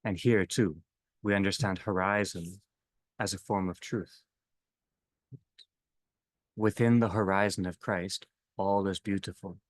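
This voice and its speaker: Deep-voiced man giving a slow theological talk. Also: steady tone, no echo. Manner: slow, halting, trailing off softly at phrase ends. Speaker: discussion leader.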